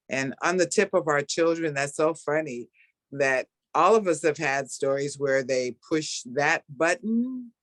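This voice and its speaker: A middle-aged woman hosting a casual video call chat, speaking warmly about a spiritual practice and laughing often. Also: low-pitched, dry recording. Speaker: host.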